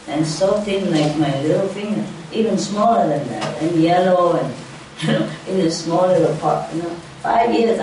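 Brief: lower-pitched woman, lively storyteller, recorded from afar in a reverberant room. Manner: animated, broken English, gestures while telling. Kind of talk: casual chat. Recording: echoey room, distant mic, faint noise.

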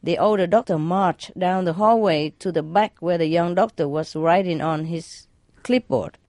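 A woman's voice: lowish voice, moderate pace, darkish tone, no echo, clean studio sound. A woman reading jokes aloud in a casual way, laughing at her own punchlines. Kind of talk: casual joke telling.

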